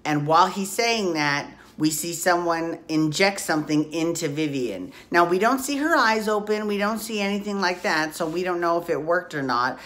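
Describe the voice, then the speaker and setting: A woman's voice: low voice, a bit bright. A woman hosting a casual soap opera recap podcast, chatty and blunt, swearing freely as she talks through the week's episodes.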